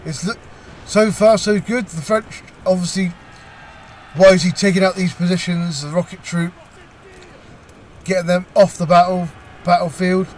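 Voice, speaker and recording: Halting, slightly high-voiced male game commentator. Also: fairly even intonation, slight background noise. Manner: halting, with frequent pauses and restarts. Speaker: gameplay commentator. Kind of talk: casual video game commentary.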